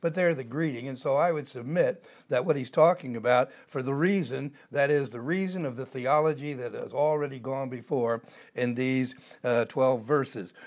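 A man's voice: medium pitch, moderate pace, a little mellow. An older man teaching a Bible passage verse by verse, explaining word by word and wandering into side topics with many "uh" fillers. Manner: digressive, explanatory, frequent "uh" fillers.

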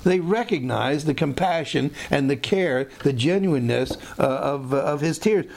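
A man leads an informal Bible teaching, talking in a loose, conversational way full of asides and restarts. His voice sits somewhat high and has a gravelly, creaky edge. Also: moderate pace, darkish tone.

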